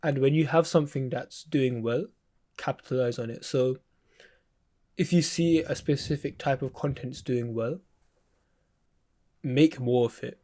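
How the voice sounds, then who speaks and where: A man's voice: mid-range voice, a little slow, long pauses, mellow. A man mentoring in a casual chat, laid-back and slangy, calling the listener bro.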